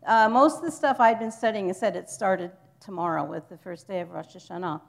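A woman's voice: medium pitch, brisk, creaky. A woman giving an informal church teaching to a congregation, chatty and joking with them, stopping to correct herself.

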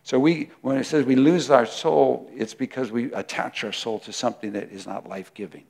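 A man's voice: medium pitch, steady tone, moderate pace, vocal fry, a little mellow. A man preaching a sermon in a conversational way, reading scripture aloud and often repeating words as he searches for the next thought. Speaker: pastor.

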